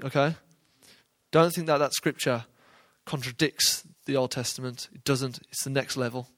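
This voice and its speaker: This man delivers casual Bible teaching in a conversational way and frequently checks in with his listeners. He speaks at normal speed in a steady, medium-pitched voice with a fairly bright tone.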